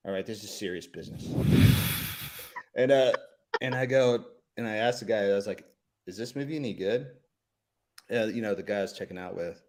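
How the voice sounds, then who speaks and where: A man's voice: on the low side, a little fast, a little mellow. A man on a casual stream telling a short anecdote in a laid-back way.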